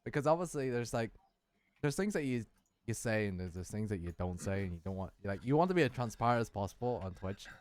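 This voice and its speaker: Man, casual chat host; lower voice, animated, rambles, swears. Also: fast talker. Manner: rambling, repeats words, swears, laughs often. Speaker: podcast host.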